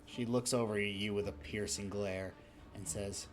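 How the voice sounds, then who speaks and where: A man's voice: lowish voice, steady tone, moderate pace, music in the background. A man narrating as game master in a tabletop role-playing game, talking casually with fillers.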